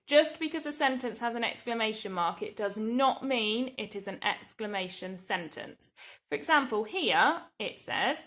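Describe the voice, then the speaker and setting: An English woman, a primary school teacher, giving a recorded grammar lesson to young children in a slow, clear, patient way. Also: mid-range voice, a bit bright. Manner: slow, clear, patient explaining with drawn-out example words.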